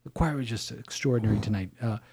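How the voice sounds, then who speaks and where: Priest guy chatting casually, lively stories, keeps restarting sentences. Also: fairly low pitch, fast, breathy edge. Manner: animated storytelling, many restarts. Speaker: priest and podcast co-host. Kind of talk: casual chat.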